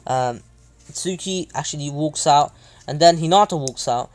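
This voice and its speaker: A man's voice: a little high, normal speed. A man casually retelling a fan story, rambling with many hesitations and asides.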